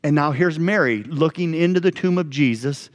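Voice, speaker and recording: Speaking at normal speed in a somewhat high voice, this pastor keeps his sermon conversational and puts questions to the congregation. Long reverb from the church sanctuary fills the recording.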